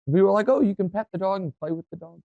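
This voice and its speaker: Animated male sports talk host. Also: high-pitched, fast, no echo, dull audio. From Kansas City area, USA. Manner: animated storytelling, voice rising when worked up.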